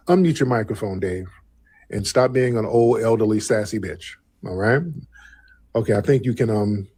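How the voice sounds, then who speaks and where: Husky host running a call-in. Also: male voice, on the low side, mellow. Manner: mocking, repeats prompts. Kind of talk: live call-in stream.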